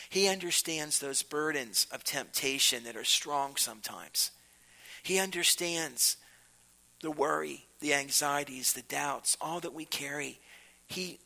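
Gravelly, bright-toned male preacher. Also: fairly high pitch, rough recording. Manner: earnest preaching, with repetition and emphatic pauses. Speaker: pastor. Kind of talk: sermon.

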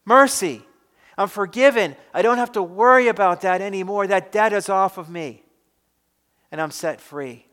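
A man's voice: high-pitched, moderate pace, sharp tone. A man voicing a relieved male servant who has been forgiven, exclaiming with relief, recorded with an echoey hall reverb.

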